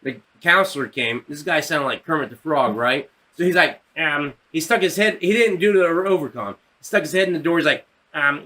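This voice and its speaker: A man's voice: fairly high pitch, a little fast, hardly any pauses. A man in his thirties, a podcast co-host telling a story in casual talk, acting out the voices of the people in it and laughing as he goes. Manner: animated, acts out quoted voices, laughs through his story.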